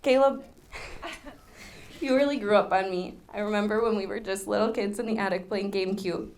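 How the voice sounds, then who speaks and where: A woman's voice: medium pitch, fairly even intonation, normal speed, darkish tone. A woman, the groom's sister, giving an emotional wedding toast and laughing while holding back tears.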